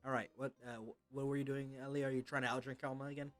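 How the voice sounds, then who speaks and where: A man narrating as game master, telling a tabletop game in a casual, halting way. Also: mid-range voice, flat delivery, faint music behind.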